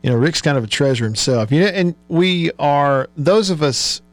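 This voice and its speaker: A man hosting radio, wrapping up with relaxed commentary. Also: fairly high pitch, normal speed, dry recording. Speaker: radio host. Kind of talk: casual radio talk.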